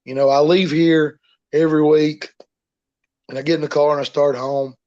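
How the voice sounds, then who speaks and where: A man's voice: on the high side, flat delivery, moderate pace, darkish tone, muffled recording. A man, a professional wrestler, telling stories in a rambling, folksy way during an interview. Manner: rambling, repeats himself, folksy. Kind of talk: casual storytelling in an interview.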